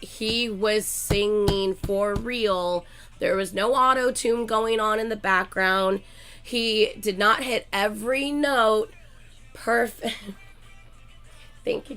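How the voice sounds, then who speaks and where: Brief: young woman streamer, a bit sick and coughing, gushing casual chat with viewers, gravelly fry, faint music behind. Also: medium pitch, slow pace. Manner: excitable, gushing, reads chat names aloud.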